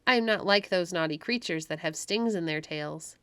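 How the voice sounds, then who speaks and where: A cheerful winged fairy with a sweet, arch, coaxing voice, played by a woman reading aloud. She is a tiny storybook sprite, gentle and bright, her words coming from a dry, close voice. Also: fairly low pitch, moderate pace, clean tone, no room sound, close to an everyday voice.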